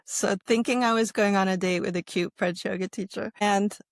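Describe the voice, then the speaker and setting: A woman's voice: mid-range voice, a little fast, vocal fry, no room sound. Middle-aged woman telling her story, dry sound. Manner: animated, acts out quoted people in livelier voices. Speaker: podcast guest, yoga instructor. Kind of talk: casual storytelling interview.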